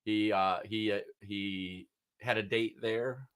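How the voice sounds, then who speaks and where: A man's voice: lowish voice, steady tone, slow, fairly bright tone, smooth, no echo. A man co-hosting a podcast, giggly and teasing in casual banter. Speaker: podcast co-host.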